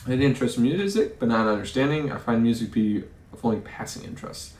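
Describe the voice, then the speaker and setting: Man, game let's play, reads text aloud, lively up-and-down pitch, roomy echo. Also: quick pace. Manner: muses aloud, stumbling over words and chuckling.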